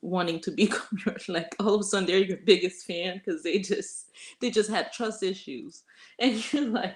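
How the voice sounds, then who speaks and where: A woman's voice: medium pitch, lively intonation, a little slow, pauses often, a little hiss or hum. A woman in casual chat, telling a workplace story, laughing often and acting out what others said. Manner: laughs often, acts out quoted voices.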